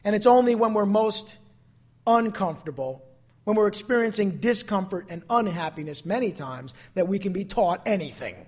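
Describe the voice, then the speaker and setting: Male preacher, high register, questioning and dramatic sermon delivery. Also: expressive, moderate pace. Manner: rhetorical questions to the congregation, dramatic acted quotes.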